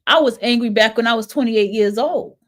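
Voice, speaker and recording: A woman's voice: fairly high pitch, a little fast. A woman in her thirties hosting a podcast, venting in a blunt, profane, emphatic monologue. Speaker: podcast host. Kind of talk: casual monologue.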